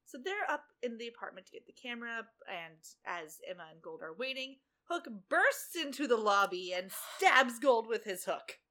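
Lively bright-voiced woman recapping. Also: on the high side, moderate pace, hardly any pauses. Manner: animated storytelling, sarcastic asides. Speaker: podcast co-host. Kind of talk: casual recap chat.

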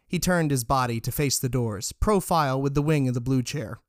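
A man's voice: medium pitch, normal speed, hardly any pauses, no room sound. Man narrating a story, dry sound.

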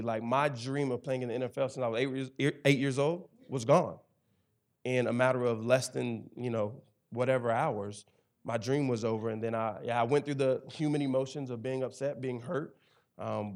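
Man, 30s, campus chaplain, personal testimony, emphatic, animated, middle pitch. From Tennessee. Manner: animated, emphatic storytelling with a preacher's rhythm. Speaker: campus ministry director and chaplain.

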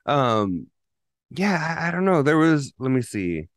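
A man's voice: mid-range voice, very animated, a little slow, no room sound. A man co-hosting a casual podcast, telling loose stories packed with profanity and restarts. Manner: loose, profanity-heavy storytelling with rambling restarts. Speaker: podcast co-host. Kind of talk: casual chat.

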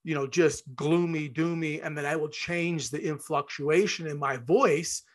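In an interview conversation, a male podcast host speaks at a measured pace in a fairly high-pitched voice. He is enthusiastic, wanders off track a bit and acts out brief scenes.

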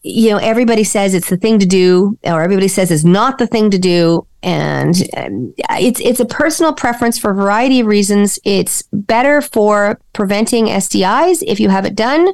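A woman's voice: mid-range voice, animated, a little fast, a little mellow, no room sound, clean studio sound. A woman co-hosting a podcast, speaking frankly and bluntly in a casual way. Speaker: podcast co-host, sex educator. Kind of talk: casual chat.

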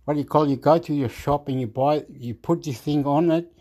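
A man vlogging into a phone at home, meandering and halting as he searches for words, chuckling often. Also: on the high side, mellow. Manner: meandering, keeps repeating "anyway", chuckles often. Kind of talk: rambling casual chat to camera.

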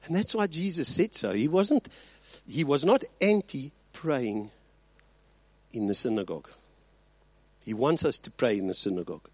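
Animated male preacher. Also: mid-range voice, normal speed, pauses often, husky, no echo. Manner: animated preaching, swinging between loud emphasis and quiet asides; rhetorical check-ins with the congregation. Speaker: pastor. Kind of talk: sermon.

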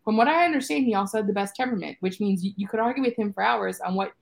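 A woman's voice: mid-range voice, racing, gravelly. A woman hosting a book podcast, reading short summaries aloud in a playful, amused way. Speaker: podcast host. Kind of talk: casual book-club chat.

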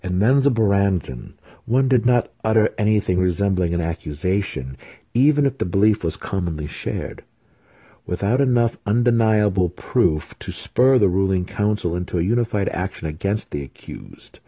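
A man reads a fantasy novel aloud at a measured, even pace of telling. His voice is deep and dark with a husky grain, and it sounds dry and close to the microphone. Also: no echo. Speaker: audiobook reader.

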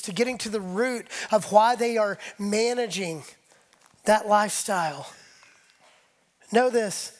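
A man preaching a conversational sermon, leading the congregation and acting out imagined voices as his intensity rises. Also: sits high. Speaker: pastor.

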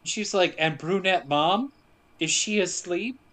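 A man casually recapping a movie for a podcast, telling it with jokes and quick asides. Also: sits high. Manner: joking, animated storytelling with quick asides.

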